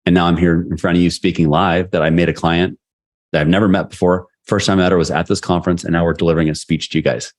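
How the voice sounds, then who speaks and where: Low-voiced middle-aged guy telling candid stories on a podcast, lots of restarts. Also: quick pace. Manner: candid, animated storyteller with many restarts. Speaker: guest, sales leadership coach. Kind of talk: storytelling interview answers.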